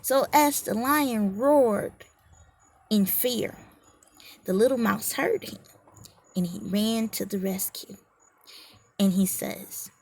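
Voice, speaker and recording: A woman's voice: medium pitch, slow, pauses often, a little mellow. A woman educational consultant giving a leadership lesson, asking rhetorical questions, teasing her listeners and telling a fable. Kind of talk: motivational leadership lesson with storytelling.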